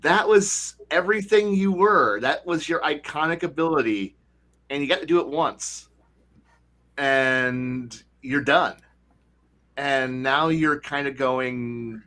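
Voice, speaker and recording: A man hosting a casual podcast chat about tabletop games, talking animatedly and slipping into quick voices for players. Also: medium pitch, sharp tone. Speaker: podcast host.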